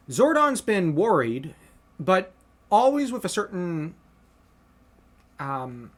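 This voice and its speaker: A man's voice: on the high side, a bit bright. A man co-hosting a podcast, casually analyzing a movie scene shot for shot and earnestly laying out his own fan theories. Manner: earnest, theorizing, talks through ideas at length. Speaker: podcast co-host.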